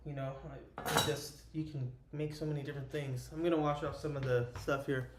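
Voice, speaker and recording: A man's voice: medium pitch, level tone, fairly quick. Chatty man livestreaming from an echoey kitchen. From Idaho. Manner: chatty and rambling, lots of "like" and fillers. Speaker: cooking livestreamer. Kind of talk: casual live-stream chat while cooking. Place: home kitchen with loud air conditioner. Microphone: camera mic, moving near and far. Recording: echoey kitchen with appliance noise.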